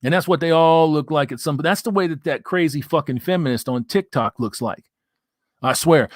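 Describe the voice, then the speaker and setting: A man's voice: medium pitch, dry recording, clean studio sound. A man hosting a live stream, reading viewer comments and ranting in crude, profane, mocking banter. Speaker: livestream host.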